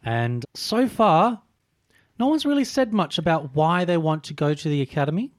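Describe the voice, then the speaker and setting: A man's voice: on the high side, moderate pace, dry recording. Male game master, casual and laughing, dry close mic. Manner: relaxed, laughs often while describing. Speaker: dungeon master. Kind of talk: casual tabletop game narration.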